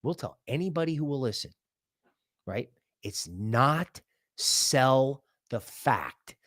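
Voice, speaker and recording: A man hosting a crypto livestream, giving market commentary in an excitable, rambling way and thinking aloud as he goes. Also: mid-range voice, takes it slowly, no room sound, clean studio sound. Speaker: crypto channel host.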